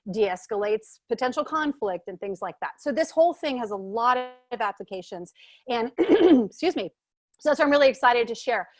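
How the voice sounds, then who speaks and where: A woman's voice: mid-range voice, no room sound. A woman giving an earnest self-help presentation as a webinar guest over a video call, often restarting her sentences. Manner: earnest, searching, many restarts.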